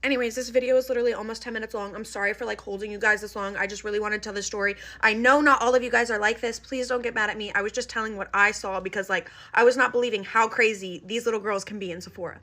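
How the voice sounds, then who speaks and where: A woman telling a casual storytime vlog, animated and gossipy, filling her sentences with "like". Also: medium pitch, rapid-fire, hardly any pauses. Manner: animated and gossipy, heavy use of "like". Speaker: storytime vlogger.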